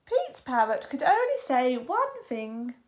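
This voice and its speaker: A woman reading a children's picture book aloud in an animated, expressive way. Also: high-pitched, takes it slowly. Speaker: storyteller. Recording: echoey room.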